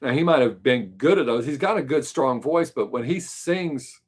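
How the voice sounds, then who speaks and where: A man's voice: medium pitch, animated, normal speed. A man with a mild Southern US accent hosting a live stream, chatting casually with viewers in a loose, rambling way. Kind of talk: casual chat answering viewers.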